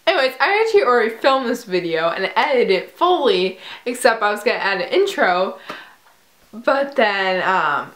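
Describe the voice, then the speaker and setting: A woman's voice: medium pitch, fairly bright tone. A young woman vlogging casually, goofy and chatty, often laughing at herself. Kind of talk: casual chat.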